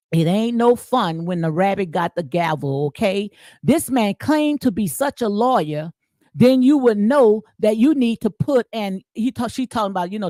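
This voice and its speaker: A woman's voice: on the high side, darkish tone, dry recording, clean studio sound. A middle-aged woman hosting casual commentary, emphatic and colloquial, repeating phrases and tagging lines with "okay?" in a preacher-like cadence. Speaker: commentary channel host. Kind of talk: casual commentary reading and reacting.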